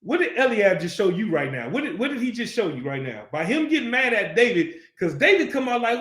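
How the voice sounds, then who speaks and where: A man's voice: high-pitched, very animated, brisk, few pauses, fairly bright tone, echoey room. A man teaching a Bible class, keeps asking the class questions and acts out the story in street slang.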